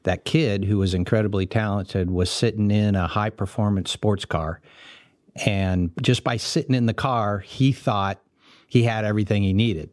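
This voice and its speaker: Man with a low voice, dry sound. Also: normal speed, no echo. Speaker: podcast co-host. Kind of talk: casual panel discussion.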